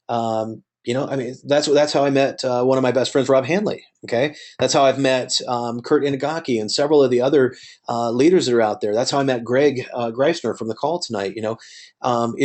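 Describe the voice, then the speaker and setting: A man's voice: medium pitch, a little mellow. A middle-aged man, a company executive, giving an earnest motivational talk on a webinar, with many fillers and restarts.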